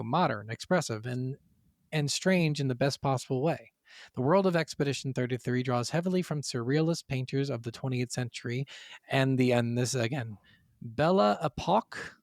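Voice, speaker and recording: A man's voice: medium pitch, brisk, no room sound, studio quality. A man co-hosting a gaming podcast, reading from notes, then riffing casually with swearing and stumbling over foreign names. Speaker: podcast co-host.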